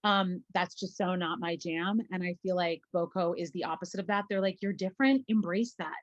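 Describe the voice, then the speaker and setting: A woman's voice: on the low side, little pitch movement, fairly quick, muffled recording. A woman, a former conservatory student, telling a story in a chatty, rambling way with many fillers and self-corrections. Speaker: former classmate, alumna. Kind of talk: casual storytelling conversation.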